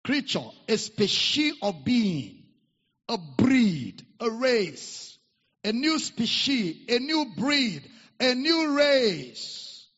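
A pastor with a Nigerian accent preaches a sermon, leading his congregation in call-and-response repetition. His voice is very high-pitched, sing-song, very slow, a bit bright and husky, recorded in an echoey hall with dull lo-fi sound.

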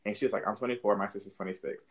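Male podcast co-host, low voice, animated gossip teller with squealing laughs. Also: rapid-fire, rough recording. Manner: animated, loud laughter, high-pitched exclamations, swears. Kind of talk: casual chat, storytelling.

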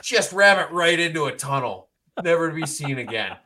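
A man co-hosting a casual comedy chat, making wry deadpan quips with lots of fillers. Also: on the high side, normal speed, a little hiss or hum. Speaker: podcast co-host.

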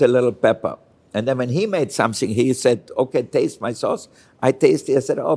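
A man's voice: medium pitch, darkish tone. An older man from Austria, a chef being interviewed, telling candid anecdotes and acting out the people in them. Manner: candid anecdotal storytelling with quoted voices. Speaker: chef guest. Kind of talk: storytelling interview.

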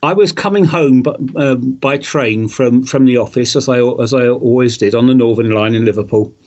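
A man's voice: medium pitch, normal speed, darkish tone, lo-fi sound. A man on a podcast panel telling a story, emphatic and repeating words as he starts. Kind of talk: anecdotal storytelling.

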